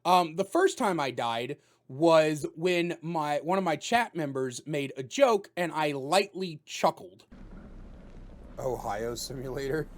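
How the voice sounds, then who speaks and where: A man giving a casual spoken video game review, talking loudly with jokes and animated delivery. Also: a little high, unhurried, hardly any pauses. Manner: loud, animated and joking.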